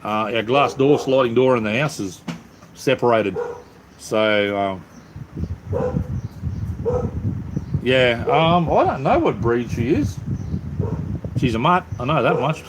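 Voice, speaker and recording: Taking it slowly with long pauses, an Australian man with a medium-pitched, animated voice answers viewers on a live stream. He's easygoing, says "it's all good, mate" repeatedly, and fills his talk with ums and restarts over background noise.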